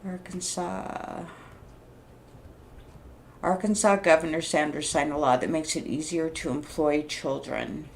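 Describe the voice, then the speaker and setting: Blunt low-voiced woman in her sixties. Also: fairly even intonation, unhurried, vocal fry, long pauses, slight background noise. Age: 60s. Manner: blunt, swearing, laughing, frustrated. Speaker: vlogger. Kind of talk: casual rambling monologue.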